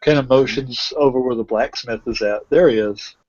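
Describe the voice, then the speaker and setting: A man narrates a tabletop game as game master in a loose, rambling way. His voice is mid-pitched. The sound is dull and lo-fi, as over an online voice chat. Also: moderate pace, a little mellow. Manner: casual, rambling.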